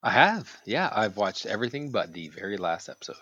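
A man's voice: fairly low pitch, very animated, a little fast, sharp tone, slightly rough, no echo, highs cut off. A man rambling in casual chat as a podcast co-host, swearing freely and restarting his sentences often.

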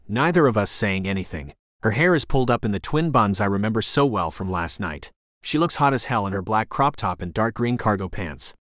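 A man narrating a first-person romance audiobook in a measured storytelling manner, on a close studio mic. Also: on the low side, fairly bright tone, dry recording.

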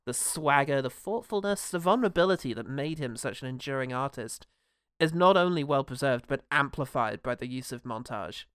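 Animated man reviewing films. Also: medium pitch, normal speed, smooth, dry recording, studio quality. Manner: animated and enthusiastic, swears freely. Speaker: podcast co-host. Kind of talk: casual film review chat.

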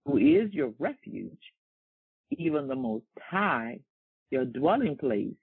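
A man's voice: on the high side, wildly swooping pitch, slow pace, creaky, husky. A man preaching a sermon in a call-and-response style. He repeats phrases and asks the congregation to fill in words. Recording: tinny, phone-like sound.

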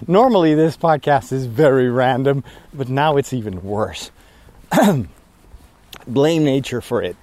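A man's voice: fairly high pitch, darkish tone. Guy rambling into his phone on an evening walk, kinda breathless, keeps getting sidetracked. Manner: rambling, chatty, easily distracted. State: slightly out of breath from walking. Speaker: priest podcaster. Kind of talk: casual walking vlog. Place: outdoors on a walk at sunset.

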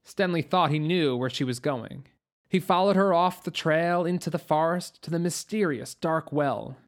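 A woman narrating a fantasy story in a steady, even reading. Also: low voice, normal speed. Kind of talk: audiobook narration.

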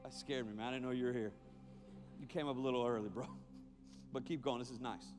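A man preaching to a young crowd as a youth pastor, joking and animated, talking straight to his listeners. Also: mid-range voice, quick pace, big-room sound, music in the background. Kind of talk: sermon.

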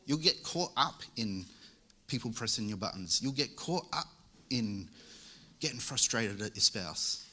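A man's voice: mid-range voice, animated, a little slow, pushed and bright. A young man preaching a church sermon in a casual, joking way. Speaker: lay preacher. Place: church service.

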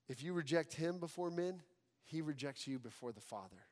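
Animated male preacher in echoing hall. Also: on the high side. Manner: animated preaching, acts out crowd and Pilate lines. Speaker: pastor. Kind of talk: sermon.

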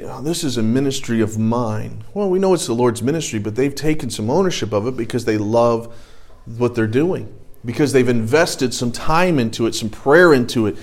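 A middle-aged man teaching an adult church Bible class, telling stories in a loose, conversational way with emphatic stretches. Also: mid-range voice. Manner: conversational, anecdotal, sidetracked storytelling with rising emphasis.

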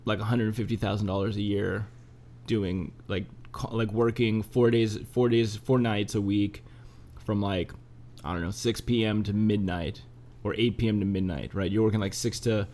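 A lower-pitched man co-hosts a casual podcast chat. He rambles and teases in a playful way, pushing one joke idea after another. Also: fairly even intonation, moderate pace, darkish tone. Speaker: podcast co-host.

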